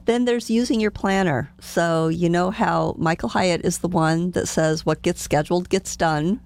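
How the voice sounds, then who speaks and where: Woman in her sixties, co-host, low and gravelly, laughs easily, explains patiently. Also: moderate pace, darkish tone. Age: 60s. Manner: laughs often, explains with examples. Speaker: podcast co-host. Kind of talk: casual chat.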